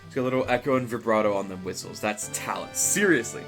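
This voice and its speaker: A man streaming a video game live, chatting in a rambling, playful way with lots of fillers and quick laughs. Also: on the low side, fairly bright tone, faint music behind. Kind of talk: casual live-stream commentary.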